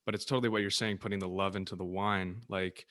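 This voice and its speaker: A man with a lowish voice chats earnestly, looping around his point with lots of "like"s and restarts. It sounds relaxed and unscripted, like a casual podcast conversation. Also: fast. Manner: earnest and rambling, many "like"s.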